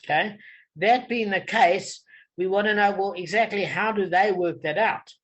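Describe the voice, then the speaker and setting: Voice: medium pitch, moderate pace, a bit bright, lo-fi sound. A person leading a casual study session, explaining step by step with many fillers. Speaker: study leader. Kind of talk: casual teaching.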